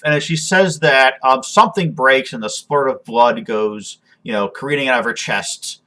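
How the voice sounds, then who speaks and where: A man narrating as game master of a tabletop game, halting with frequent ums and restarts. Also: medium pitch, sharp tone.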